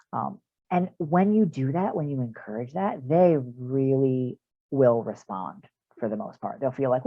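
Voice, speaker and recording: Speaking in an expressive, unhurried mid-range voice, a man who works as a counselor walks parents through a practical online training session on a video call. His delivery is conversational and full of fillers. The sound is dull, dry video-call audio with no echo.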